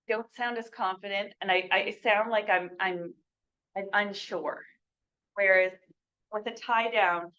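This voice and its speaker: A woman's voice: mid-range voice, a bit bright, clean tone. A woman leading a sales training class in a small room. She talks casually and acts out sample sales lines for her listeners. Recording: dull lo-fi recording.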